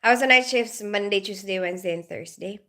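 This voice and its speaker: A middle-aged nurse talks fairly quickly on a casual livestream, her medium-pitched voice carrying a sharp tone. She has just woken after night shifts, giggles often, and calls out viewers by name.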